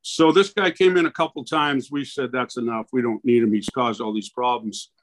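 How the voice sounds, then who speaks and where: A man's voice: mid-range voice, fairly even intonation, normal speed. A man who owns a local business speaks at a public meeting, rambling and worried, restarting his sentences often.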